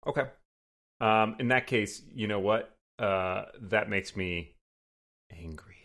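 Low gravelly man playing a tabletop game. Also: slow pace, fairly bright tone. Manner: jokey, asks rules questions. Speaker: player.

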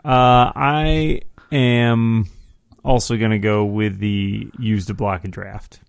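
A man's voice: fairly low pitch, flat delivery, slow pace, creaky, clear, resonant tone, dry recording. A male panelist on a word game who hems and haws before he answers. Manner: hesitant, hemming and hawing. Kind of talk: casual comedy banter.

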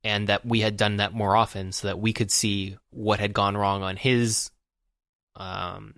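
A man's voice: fairly low pitch, flat delivery, measured pace, fairly bright tone, no echo, studio quality. A man co-hosting a podcast, talking casually about a film with many fillers and restarts. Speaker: podcast co-host.

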